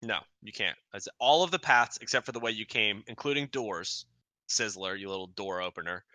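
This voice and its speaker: A man's voice: fairly low pitch, expressive, normal speed, bright, forceful tone, no echo. A man running a tabletop game as game master, narrating in a loose, rambling way. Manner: loose and rambling, lots of restarts.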